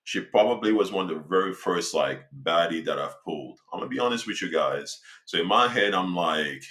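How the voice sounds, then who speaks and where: A young man giving a casual motivational talk to his viewers, slangy and conversational, slowing down to stress his points. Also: low voice, animated, a bit bright. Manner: slangy, conversational, slows for emphasis. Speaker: self-help speaker.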